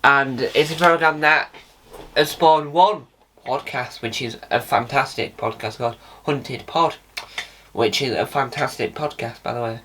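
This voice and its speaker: A man's voice: mid-range voice, measured pace, sharp tone, a little hiss or hum. A man hosting a casual vlog about a reality show, rambling and jokey and often correcting himself mid-sentence. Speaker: reality TV video host.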